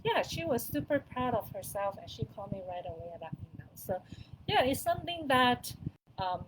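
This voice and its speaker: A middle-aged woman giving parents casual, chatty advice to camera, with small grammar slips, repeats and soft laughs. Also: a little high, noisy background. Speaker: wellness coach talking to parents.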